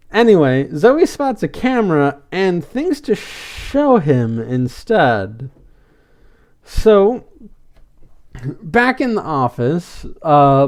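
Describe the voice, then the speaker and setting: A man's voice: sits high, darkish tone. A man hosting a podcast, casually recapping a cartoon episode, rambling and repeating fillers as he goes. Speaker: podcast host.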